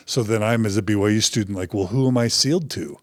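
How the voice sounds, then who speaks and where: A man's voice: lowish voice, fast, no echo, studio quality. Earnest man hosting a podcast. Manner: earnest, sympathetic. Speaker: podcast host. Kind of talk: reflective interview commentary.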